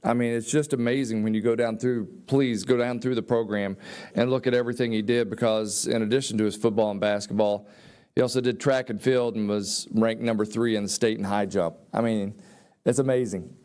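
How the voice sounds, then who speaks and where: Man, banquet emcee, folksy, lowish voice. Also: fairly even intonation, a little fast, darkish tone, clear, resonant tone. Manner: folksy, admiring. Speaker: master of ceremonies. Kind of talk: ceremony introductions. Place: banquet hall.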